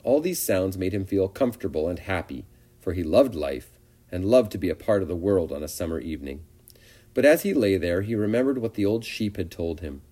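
A man reading a children's storybook aloud with gentle, expressive narration. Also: deep voice, a little fast.

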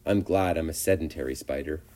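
A man voicing a calm wise lady spider. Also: a bass voice, pitched below the performer's own voice. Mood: musing. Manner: measured, gently lecturing. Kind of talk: storybook reading.

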